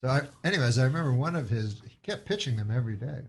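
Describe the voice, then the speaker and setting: A man's voice: mid-range voice, lively intonation, racing, very noisy. A man with a Canadian accent telling a meandering story as a comedy guest, in a dry delivery broken by chuckles and hesitations. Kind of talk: rambling anecdotal storytelling.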